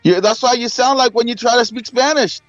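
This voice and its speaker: Brief: high-pitched man, close and dry on lo-fi voice chat, teasing relentlessly. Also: brisk, dry recording. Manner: taunting, mixes in sing-song Spanish jabs. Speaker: voice chat participant. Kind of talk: mocking voice-chat banter. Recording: dry lo-fi voice chat with faint music.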